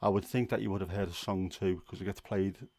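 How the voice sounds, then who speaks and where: A livestream host from Liverpool, England, with a Scouse accent, chats casually with viewers and answers their questions, rambling and using lots of fillers. His voice is low and dark, fairly even in intonation, a little fast, with no echo.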